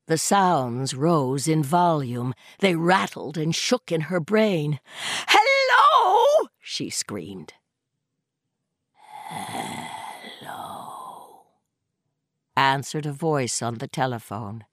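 Woman reading a spooky story, slow and sing-songy, very dry sound. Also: deep voice, no room sound. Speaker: audiobook narrator.

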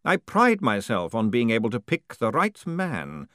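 A man plays a suave ruler in an audiobook, speaking calmly and with quiet threat. His delivery swings widely, and the sound is close and dry. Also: medium pitch, no echo, voice pushed up, full character voice. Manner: measured, unhurried. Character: cool, dry male ruler, politely menacing.

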